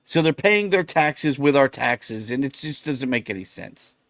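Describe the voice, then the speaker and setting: A man's voice: medium pitch, expressive, unhurried, dry recording. Middle-aged male podcast host, blunt and profane, ranting in casual talk, dry studio sound. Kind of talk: casual political rant.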